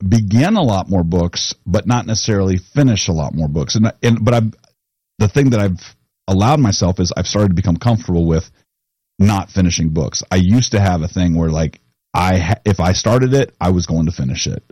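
Low-voiced man podcast host, lively and husky, dry sound. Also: moderate pace, no room sound. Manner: animated, self-interrupting. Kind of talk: casual chat.

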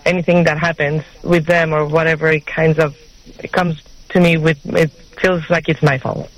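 A woman calling in to an advice show, speaking haltingly and searching for her words. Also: sits low, little pitch movement, low-quality recording. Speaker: caller. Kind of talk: call-in conversation.

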